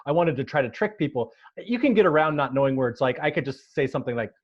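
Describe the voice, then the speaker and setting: A man's voice: a little high, quick pace. An American man hosting a podcast in casual chat, joking, laughing often and restarting his sentences. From United States. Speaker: podcast host. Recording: dull lo-fi sound.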